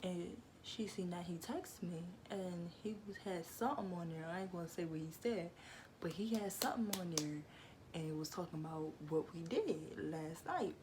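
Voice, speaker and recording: A woman's voice: fairly low pitch, animated, moderate pace, background noise. A young adult woman vlogger telling a storytime to camera in slangy, playful speech, teasing her viewers. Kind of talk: casual storytime monologue to camera.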